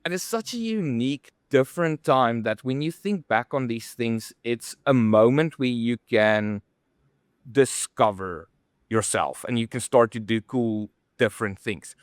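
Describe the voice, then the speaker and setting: A man's voice: medium pitch, unhurried, smooth, no echo, studio quality. A young man telling rambling event-work stories in a casual podcast chat, with plenty of fillers. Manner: rambling, animated storytelling with many fillers. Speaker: podcast co-host.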